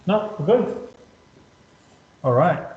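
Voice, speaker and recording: A man with a slightly high voice, teaching a maths class in an upbeat way. He keeps checking in with the students, and his voice rings around a bare, echoey room. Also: lively intonation, slow, phone-quality sound. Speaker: maths tutor. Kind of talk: whiteboard maths lesson.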